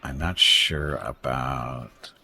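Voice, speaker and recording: A man's voice: extremely low pitch, extremely slow, vocal fry, sharp tone, slightly rough. A man casually commenting on his space strategy game during a live stream, rambling, thanking viewers and joking about word pronunciations.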